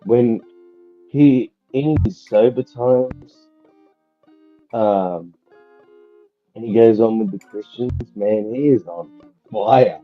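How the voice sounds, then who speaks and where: Crude man, low and muffled. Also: takes it slowly, pauses often, dry recording, soft background music. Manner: crude, swearing, tells jokes. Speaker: livestream co-host. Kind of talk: casual chat.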